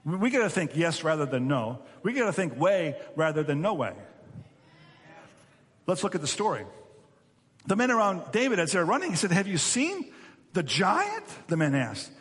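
A man preaching a sermon as a pastor, animated and acting out the voices of the story's characters. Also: on the high side, normal speed, pauses often, big-room sound.

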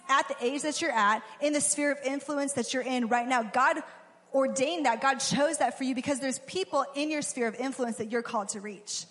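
A woman's voice: sits high, a little fast, fairly bright tone. A young woman giving a casual, conversational sermon, acting out quotes as she goes. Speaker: preacher. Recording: long hall reverb.

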